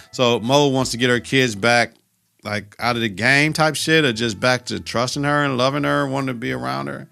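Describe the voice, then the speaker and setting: Bright-voiced man recapping with profane slang. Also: medium pitch, moderate pace, creaky, clear, resonant tone, soft background music. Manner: profane, animated retelling with slang. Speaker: podcast host. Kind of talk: casual episode recap.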